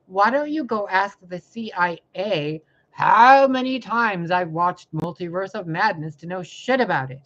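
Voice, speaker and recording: A woman's voice: medium pitch, animated, moderate pace, muffled recording. A woman tarot reader giving an impassioned spiritual monologue, fiery and confrontational, full of swearing and rhetorical questions.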